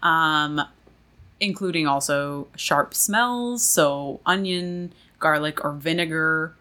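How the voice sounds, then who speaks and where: A woman with a low voice and a forceful, bright edge talks through a story for her podcast. Her delivery is chatty and conversational as she explains things to her co-host. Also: slow pace. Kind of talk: casual explanatory podcast chat.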